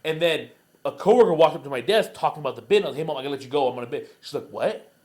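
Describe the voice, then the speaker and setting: A young man co-hosting a casual podcast. He tells stories fast and swears freely, with a voice pitched a little high for a man. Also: darkish tone. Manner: fast, profane storytelling. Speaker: podcast co-host. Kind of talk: casual chat.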